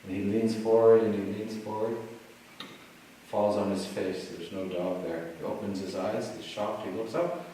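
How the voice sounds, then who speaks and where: A man giving a dharma talk, telling a teaching story in a relaxed way with many "you know"s and "like"s, recorded in a retreat hall. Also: fairly low pitch, moderate pace, a little hiss or hum. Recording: echoey hall, mic at a distance, faint ambience.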